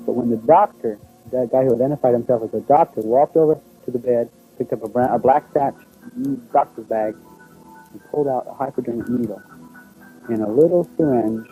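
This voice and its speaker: A man's voice: medium pitch, mellow, rough recording. A middle-aged man telling a personal story in a rambling, folksy way, acting out what others said to him. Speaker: abduction witness.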